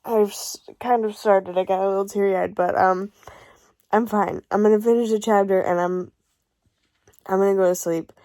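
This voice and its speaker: A young woman book vlogger talks in a loose video-diary way, rambling and gushing, stopping to restart her sentences. Her voice sits at an ordinary middle pitch and sounds dry and close. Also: fairly even intonation, moderate pace, mellow, no room sound.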